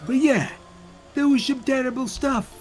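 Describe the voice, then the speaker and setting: A frail old man who wanders through his story as a witness in a game, put on by a man reading the lines. His voice sits high and swoops around, with a rambling, forgetful manner. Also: lively intonation, moderate pace, slight background noise.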